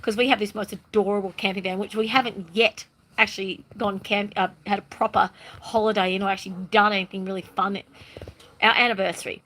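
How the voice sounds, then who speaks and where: A woman's voice: medium pitch, fairly even intonation, fairly quick, pushed and bright, low-quality recording. A woman talking casually to the camera in a bubbly, chatty way, with playful sing-song bursts. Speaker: spiritual vlogger. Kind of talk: casual monologue.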